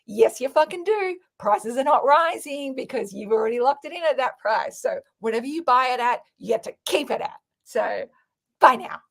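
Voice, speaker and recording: A woman hosting a casual livestream, reading viewer comments aloud and pitching her course in a frank, excitable, sweary way. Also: a little fast, creaky, hardly any pauses. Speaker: online business coach hosting a livestream.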